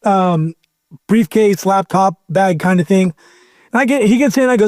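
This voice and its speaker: A man's voice: high-pitched, normal speed, dry recording, clean studio sound. A man telling a long story in casual chat, rambling and acting out quotes. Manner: rambling, animated storyteller who acts out quotes. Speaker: podcast guest.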